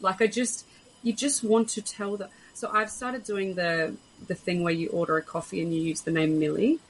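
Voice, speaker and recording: A woman's voice: on the low side, steady tone, moderate pace, rough recording. Chatty woman hosting a podcast. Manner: chatty, acts out quoted voices in her stories. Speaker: podcast host. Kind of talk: conversational podcast interview.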